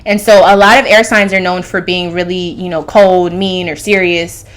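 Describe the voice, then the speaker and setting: A woman's voice: on the low side, fairly even intonation, normal speed. Rambling woman musing on star signs. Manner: loose, rambling, fillers and restarts. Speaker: astrology channel host. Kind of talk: casual monologue.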